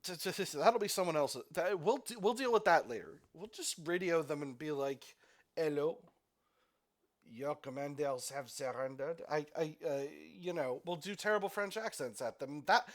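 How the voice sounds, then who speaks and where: A man's voice: a little high, animated, brisk, hardly any pauses. A man giving casual gameplay commentary, thinking aloud, laughing easily and stumbling over his words. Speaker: let's play host.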